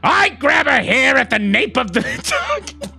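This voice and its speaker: A man doing an impression of a shrill, nasal, middle-aged male comedian, reading aloud in a loud, over-the-top dramatic manner. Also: huge pitch swings, measured pace, creaky, faint music behind, full character voice. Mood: mock serious.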